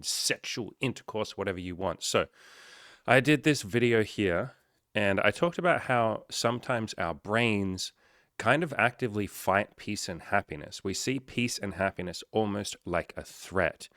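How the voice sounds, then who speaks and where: A man's voice: low voice, pushed and bright, no room sound, studio quality. A man coaching listeners in a casual solo podcast, loose and joking with frequent swearing and rambling asides.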